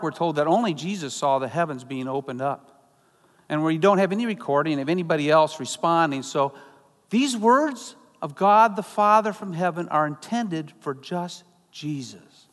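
A man's voice: sits high, fairly bright tone. Earnest male pastor in a reverberant hall. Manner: earnest, slows down on scripture quotes. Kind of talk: sermon.

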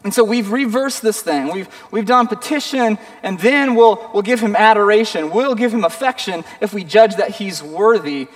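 High-voiced preacher in a reverberant hall. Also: male voice. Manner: animated, acts out voices of petitioners. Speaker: pastor. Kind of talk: sermon.

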